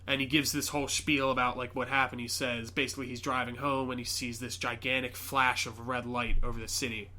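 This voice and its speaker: A man hosting a podcast, chatting casually and excitedly retelling a movie with lots of fillers. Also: medium pitch, brisk, few pauses, a little hiss or hum. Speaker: podcast host. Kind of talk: casual chat.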